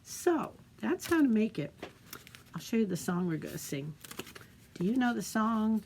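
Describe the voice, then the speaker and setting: A woman leading a children's storytime as librarian, gently explaining a craft and reading a picture book aloud. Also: medium pitch, big pitch swings, normal speed, vocal fry, a little hiss or hum. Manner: gentle, encouraging, talks to kids.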